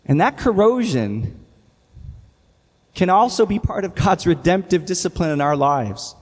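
A man's voice: high voice, expressive, unhurried, in a large hall. A man preaching a sermon as a pastor, earnest and reading scripture aloud with emphasis.

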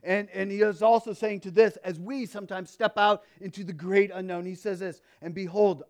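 A man preaching a sermon, quoting scripture and moving between loud, emphatic lines and quiet, hushed ones. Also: high voice, fairly even intonation, moderate pace, few pauses. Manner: stumbles and restarts between quoted verses. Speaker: pastor.

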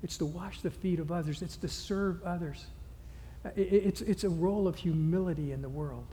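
A man with a high, warm voice preaches a sermon, retelling scripture stories with earnest conviction. His words ring out with a long hall reverb behind them. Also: normal speed, a little hiss or hum.

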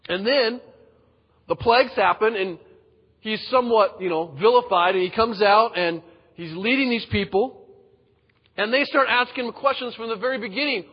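A man with a high-sitting, breathy-edged voice speaks at a moderate pace as a pastor in a conversational sermon. He dramatizes the quoted voices of others, and the sound is dull in a reverberant hall.

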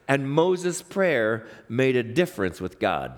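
A man with a high voice preaches with feeling. He drops into quiet low asides, then lifts to raised, emphatic lines. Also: animated, normal speed, few pauses. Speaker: pastor. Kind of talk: sermon.

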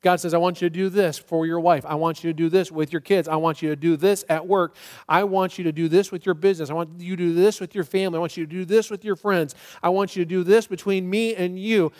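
A middle-aged male pastor preaching a sermon in a church, emphatic and swinging from loud to soft and prayerful. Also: high-pitched, steady tone, fast. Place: church sanctuary.

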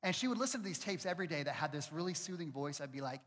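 A man's voice: fairly high pitch, lively intonation, racing, few pauses, a bit bright, husky. A male pastor preaching a sermon in a conversational, storytelling way with self-deprecating humor. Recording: long reverb with faint music behind.

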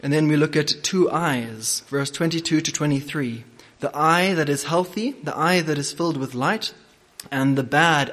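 A male preacher delivering a sermon in a slightly high voice. He speaks deliberately and pauses often on small hesitations as he works through his points. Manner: deliberate, with frequent filler hesitations.

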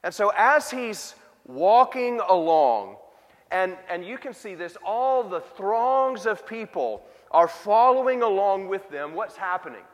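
Guy with a high voice preaching, lots of questions to the crowd, big echoey church sound. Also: big pitch swings, unhurried. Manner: conversational preaching with rhetorical questions. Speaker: pastor. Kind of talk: sermon.

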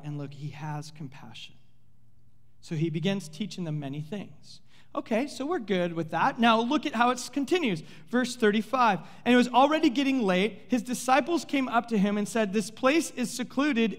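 High-voiced pastor preaching in a reverberant hall. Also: male voice, normal speed. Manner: animated storytelling, acting out the disciples with playful sarcasm. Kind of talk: sermon.

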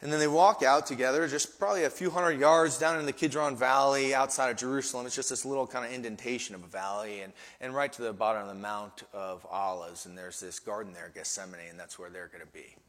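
A man's voice: medium pitch, fairly even intonation, fast, few pauses, fairly bright tone. Emphatic preaching man in a reverberant hall. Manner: emphatic, stammering repeats. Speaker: pastor. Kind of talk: sermon.

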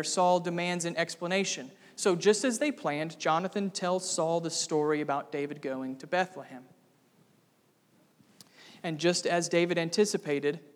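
A man preaching an expository sermon as pastor, emphatic, with sudden dramatic rises in pitch and volume. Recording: long hall reverb.

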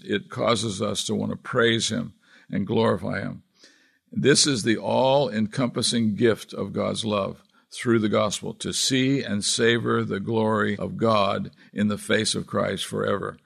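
A man's voice: lowish voice, creaky, a bit bright. A man preaching a sermon as pastor, earnestly reading and explaining scripture verse by verse.

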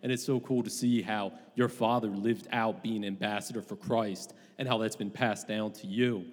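A man's voice: lowish voice, fairly even intonation, normal speed, long reverb tail. A man interviewing a guest, encouraging him and asking long questions.

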